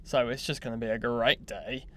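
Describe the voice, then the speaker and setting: A young man telling a personal story in a casual, animated, self-mocking way. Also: mid-range voice, moderate pace. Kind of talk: casual anecdote monologue.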